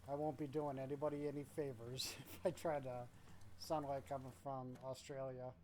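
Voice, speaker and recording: A man streaming a game, reading chat aloud in a laid-back, drawn-out way, thinking aloud with restarts. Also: mid-range voice, level tone, a little mellow, slight background noise.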